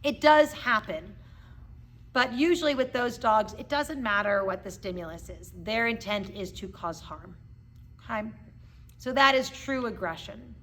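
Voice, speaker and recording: A woman's voice: a little high, expressive, unhurried, fairly bright tone, a little hiss or hum. A middle-aged woman dog trainer explaining behavior terms in a casual teaching talk, often checking in with "okay?". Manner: explains with hand puppets, frequent "okay?" check-ins.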